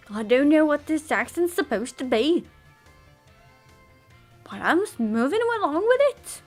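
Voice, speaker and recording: Woman streamer, playful, giggly, slow-talking, faint music behind. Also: high voice, sing-song. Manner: playful, giggly, goofy wordplay. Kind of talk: let's play commentary.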